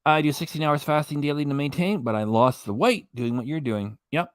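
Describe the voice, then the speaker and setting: A man's voice: on the high side, a little fast, no echo, clean studio sound. A man hosting a reaction channel, giving rambling, mocking casual commentary on a clip. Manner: mocking, rambling, loses his train of thought.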